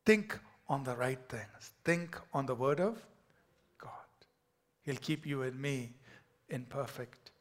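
A pastor delivering a sermon, swinging between loud declarations and hushed, whispered lines. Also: male voice, mid-range voice, lively intonation, takes it slowly, long pauses.

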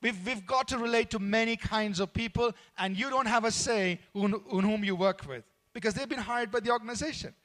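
A man's voice: sits high, fairly quick, hardly any pauses, a bit bright. A man preaching in a conversational, earnest way, with frequent fillers and restarts. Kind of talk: sermon on workplace conduct.

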